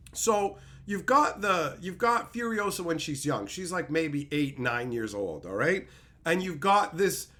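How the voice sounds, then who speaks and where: A man's voice: high voice, a bit bright. A man streamer ranting in a profane, mocking way, mimicking people in silly voices. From Canada. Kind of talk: ranting commentary.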